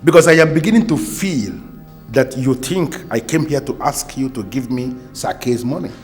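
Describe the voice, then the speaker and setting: A stern, formal police officer, played by a man speaks with a Nigerian English accent. He presses hard and threatens in measured, official words. Faint music plays under the dialogue of this film scene. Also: medium pitch, expressive, natural voice. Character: stern male police officer questioning witnesses.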